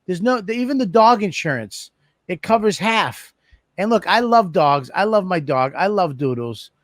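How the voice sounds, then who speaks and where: Brief: profane podcast host, high voice, dry close sound. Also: male voice, lively intonation, moderate pace, no echo. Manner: blunt, profane, laughs in disbelief. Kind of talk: casual chat.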